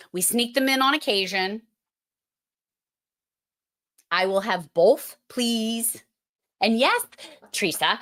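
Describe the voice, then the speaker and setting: A woman's voice: medium pitch, a bit bright. A woman with a strong Boston accent hosting a casual livestream, talking in a playful, emphatic, teasing way. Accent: Boston, Massachusetts. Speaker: host.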